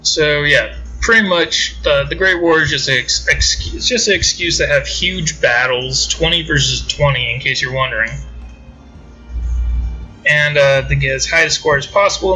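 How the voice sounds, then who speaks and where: A man's voice: fairly high pitch, bright, forceful tone, slightly rough, dull audio. A man chatting loosely through mobile game commentary, wandering from point to point as he clicks through menus. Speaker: gaming channel host.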